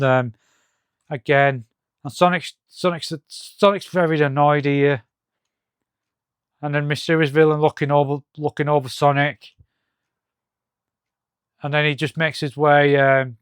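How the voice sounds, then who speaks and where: Guy going through a comic, kinda high clean voice, lots of um and uh, stops and restarts a lot. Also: smooth, no echo, studio quality. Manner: halting, hesitant, many fillers and restarts; reads comic dialogue aloud in his own voice. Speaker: comic reviewer. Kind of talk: casual comic-book walkthrough.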